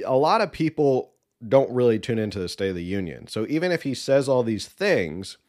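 Brief: male podcast host, mid-pitched, opinionated and sarcastic political commentary.

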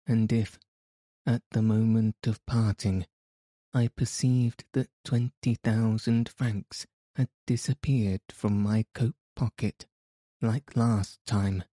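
A man voicing an exasperated middle-aged male theatre manager, cold and accusing in a measured way. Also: fairly low pitch, fairly even intonation, dark tone, dry recording, studio quality.

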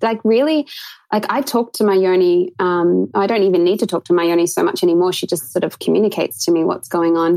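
A woman's voice: lowish voice, gravelly, a little mellow, poor audio. A woman intimacy coach, a guest on a podcast, talking earnestly and at length in a casual, flowing way with many fillers. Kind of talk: casual interview talk.

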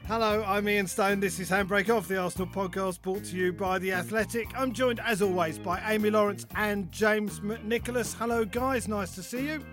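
A man's voice: high-pitched, steady tone, moderate pace, few pauses, music in the background. A man hosting a sports podcast in casual chat, teasing his guests in a jokey, upbeat way. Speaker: podcast host.

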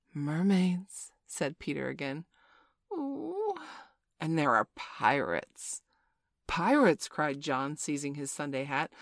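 A woman reads a children's storybook aloud as narrator, measured and gently playful. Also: sits low, no room sound, clean studio sound.

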